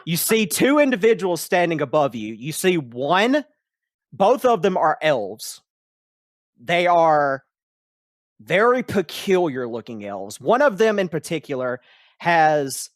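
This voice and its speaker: A man narrating a tabletop game as game master, setting scenes in slow, descriptive turns. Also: fairly high pitch, no echo, studio quality.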